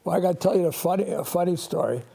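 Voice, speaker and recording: This priest in his eighties hosts a call-in show, his voice sitting high, creaky, mellow and slightly rough. He tells stories haltingly and ramblingly, restarting often and chuckling.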